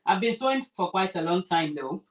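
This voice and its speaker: A woman's voice: lowish voice, expressive, brisk. A woman vlogger chatting casually while sewing, rambling and restarting her sentences. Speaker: crafter vlogger.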